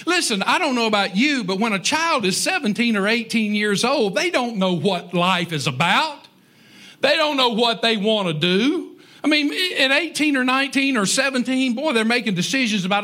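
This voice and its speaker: A man delivers a sermon in a high, bright voice. He talks in a folksy, conversational way and drops joking asides to his congregation. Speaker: preacher. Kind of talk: sermon on parenting.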